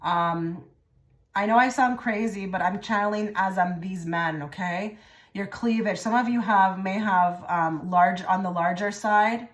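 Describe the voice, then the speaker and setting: Woman, tarot reader, rambling, repeats herself, drops into soft murmurs. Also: medium pitch, measured pace. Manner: rambling and repetitive, often trailing into soft murmured phrases. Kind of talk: pick-a-card tarot reading.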